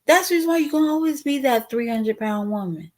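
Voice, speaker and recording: Speaking fast with a high, lively lilt, this woman vlogger addresses her viewers directly in a casual commentary vlog. She's outspoken and emotional, and at times she gets tearful and her voice cracks.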